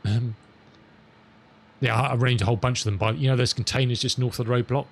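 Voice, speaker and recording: Guy, middle-aged, easygoing streamer who rambles to chat, mid-pitched voice, plain everyday tone. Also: fairly even intonation, gravelly. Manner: chatty, rambling, self-amused, reads radio calls slowly. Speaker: live streamer. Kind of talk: casual chat with viewers while flying.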